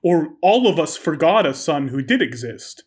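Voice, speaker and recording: A man serving as game master, narrating a tabletop game in a relaxed, loose way. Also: a little high, moderate pace. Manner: relaxed, loose, full of "sort of".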